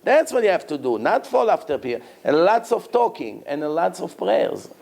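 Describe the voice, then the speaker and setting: Man lecturing on Torah, emphatic storyteller, slightly high voice. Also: very animated, normal speed, gravelly. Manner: emphatic storyteller, rises to loud acted shouts. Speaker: rabbi answering questions. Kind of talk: Torah lecture with audience questions.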